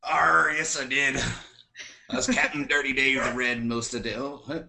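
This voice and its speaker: A man's voice: mid-range voice, steady tone, moderate pace, sharp tone. A man co-hosting a casual podcast chat, laid-back and slangy, laughing often.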